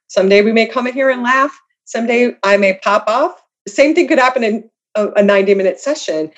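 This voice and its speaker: A woman speaking as a guest author, telling her own story candidly and reflectively, with self-deprecating humor. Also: medium pitch. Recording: slightly dull lo-fi audio.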